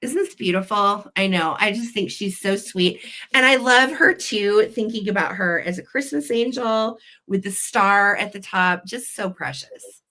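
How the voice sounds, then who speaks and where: A woman's voice: mid-range voice, a little slow, few pauses, pushed and bright. A woman hosting a live online vintage sale, greeting viewers effusively and counting down bids. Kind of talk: live online auction chat.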